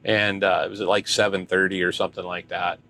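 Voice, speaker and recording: A man's voice: low-pitched, flat delivery, fairly quick, pushed and bright. Older man telling a rambling trucking story. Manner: rambling, chatty, with restarts and quoted voices. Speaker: truck driver vlogger. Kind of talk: casual storytelling.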